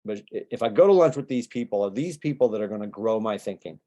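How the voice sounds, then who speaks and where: A male business coach gives a motivational training talk in a relaxed, mellow voice. He talks casually and keeps firing rhetorical questions at his listeners. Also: fairly low pitch. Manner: conversational, rapid-fire rhetorical questions.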